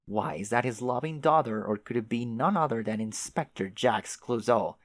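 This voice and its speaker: A man's voice: mid-range voice, expressive, moderate pace, no room sound. A man reading a webcomic aloud with casual, wry commentary and the odd swear word. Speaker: webcomic reader.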